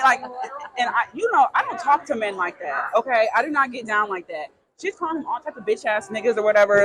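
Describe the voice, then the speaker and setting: A young adult woman co-hosting a casual chat, telling a lively story, swearing freely and acting out the people she quotes. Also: a little high, rough recording. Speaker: podcast co-host.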